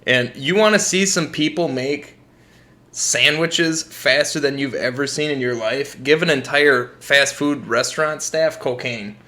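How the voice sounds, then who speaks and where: Laughing often, this young American podcast co-host swaps profane work stories in casual conversation. He speaks unhurriedly in a medium-pitched voice that sounds pushed and bright.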